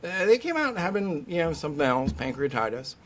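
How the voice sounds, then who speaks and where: This middle-aged man speaks a little high and a little fast as a guest in a podcast interview. A veterinary specialist, he tells stories with animation and performs the voices of those he quotes.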